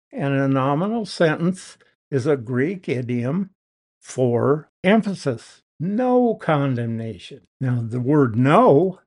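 A man delivers a verse-by-verse Bible teaching in a slightly higher register. He speaks slowly and deliberately, and he punches the key words with emphasis as he explains them. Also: a little mellow.

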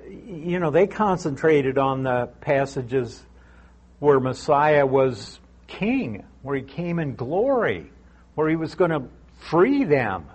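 A man's voice: medium pitch, slightly rough. A middle-aged man teaching through a Bible passage verse by verse, speaking conversationally and repeating key points for emphasis.

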